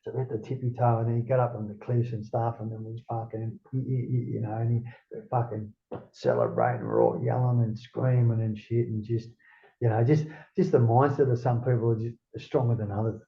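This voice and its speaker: A middle-aged man with an Australian accent and a gravelly, fry-laden voice tells stories in a rambling, animated rush, swearing at every turn. The sound is roomy and a little dull, as if the recording was made in a lo-fi, echoing space. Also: mid-range voice, brisk. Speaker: interview guest. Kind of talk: casual storytelling.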